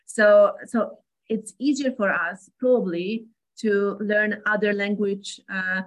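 A woman's voice: medium pitch, fairly even intonation, slow pace, low-quality recording. A woman with a Polish accent, a native Polish speaker, chatting as a guest and searching for her English words. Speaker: guest co-author. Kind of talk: casual chat.

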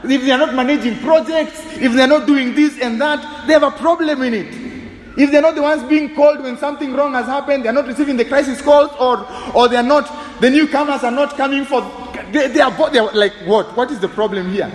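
Preacher, high-voiced, playful and animated, echoey church with long reverb. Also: male voice, quick pace. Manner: animated, humorous, switching between English and Swahili. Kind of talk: sermon. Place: church sanctuary.

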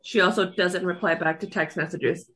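A woman's voice: lowish voice, fairly even intonation, normal speed, fairly bright tone, husky. A woman co-hosting a podcast in plain, chatty casual talk. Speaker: podcast co-host. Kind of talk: casual chat.

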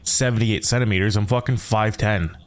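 A young man from Canada hosting a casual podcast with friends, loud and profane, quick to laugh. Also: fairly low pitch, fairly even intonation. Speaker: podcast host.

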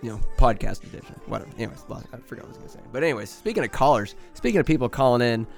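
A man's voice: medium pitch, animated, racing, creaky, soft background music. A man from Northern California hosting a podcast, talking in a rambling, crude comedic monologue and laughing often. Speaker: podcast host.

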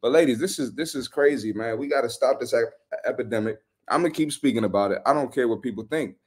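A man's voice: medium pitch, fast talker, husky. Blunt slangy male podcast host. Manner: blunt, animated, slangy trash talk. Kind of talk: casual reaction commentary.

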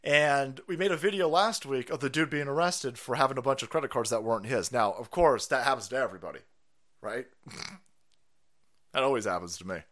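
On a live stream, a man delivers a profane political rant, sarcastic throughout and often laughing at his own jokes. His mid-range voice is brisk and a bit bright.

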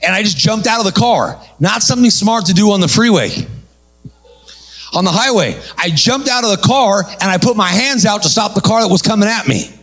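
High-voiced preacher man, animated. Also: fairly quick. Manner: animated, calls out to congregation. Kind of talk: energetic sermon storytelling.

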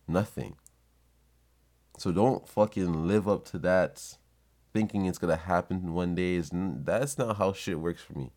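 Young man, low voice, blunt and profane, for a casual vlog monologue. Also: measured pace, a little mellow. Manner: blunt and profane, heated storytelling. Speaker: vlogger.

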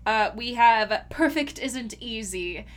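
A woman's voice: a little high, slow pace. A woman co-hosting a casual podcast chat, giggly and gushing as she quotes lines. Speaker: podcast co-host.

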